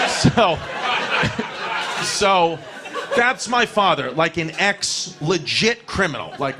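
Brash, tipsy New comic. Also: male voice, on the high side, noisy background. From New York. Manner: brash and profane, laughing through punchlines. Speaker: comedian. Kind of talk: stand-up storytelling.

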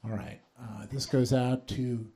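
A man performing a stand-up comedy set on stage, telling conversational stories that build to quick punchlines. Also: mid-range voice, fairly even intonation, dark tone. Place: comedy stage before a live audience. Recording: live set with audience laughter. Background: crowd laughing.

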